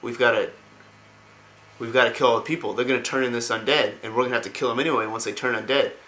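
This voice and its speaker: Guy playing a stubborn young prince, loud, pushy, bright voice. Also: medium pitch, steady tone, fast talker, close to an everyday voice, low-quality recording. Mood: grim. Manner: loud, insistent.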